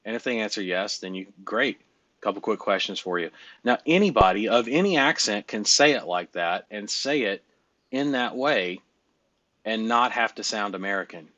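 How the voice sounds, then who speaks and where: A man's voice: fairly low pitch, fairly bright tone, dry recording, highs cut off. A man coaching a client on a casual call, blunt and joking, swearing casually. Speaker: business coach.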